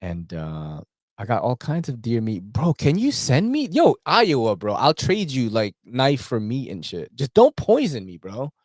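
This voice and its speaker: A man's voice: medium pitch, wildly swooping pitch, measured pace, dry recording, clean studio sound. A man hosting a casual livestream chat, slangy and full of fillers and swearing. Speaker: host.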